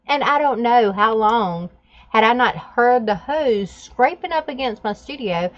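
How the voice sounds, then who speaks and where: A woman's voice: fairly high pitch, animated, slow, long pauses. A woman vlogging, telling a story with laughs and then walking through a drawing tutorial in casual chat. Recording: dull lo-fi sound.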